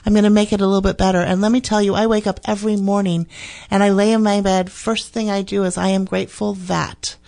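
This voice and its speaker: Gravelly-voiced woman telling stories animatedly. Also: mid-range voice, quick pace. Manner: emotional, animated storytelling. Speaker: guest, health coach. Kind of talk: casual radio interview chat.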